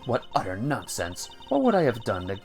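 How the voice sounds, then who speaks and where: A man's voice: on the low side, wildly swooping pitch, fairly quick, darkish tone, faint music behind. A man voicing a proud, indignant young male detective. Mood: haughty. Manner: haughty, indignant.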